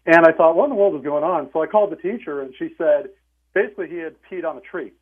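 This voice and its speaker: A man's voice: a little high, fast talker, husky. A man in his forties calling in to a radio show and telling a story in a dry, wry way. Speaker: caller. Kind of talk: phone-in storytelling. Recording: tinny phone line.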